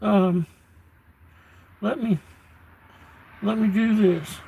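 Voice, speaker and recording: A man's voice: high voice, steady tone, very slow, vocal fry, dark tone, a little hiss or hum, poor audio. An older man chatting casually on a livestream, folksy and given to rants, reading his chat off a tablet. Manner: folksy, ranting. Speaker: live streamer.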